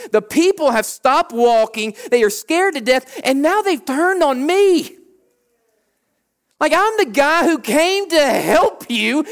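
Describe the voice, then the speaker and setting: A man preaching a sermon as a pastor, animated, acting out the people's complaints in short bursts. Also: extremely high pitch, clear, resonant tone.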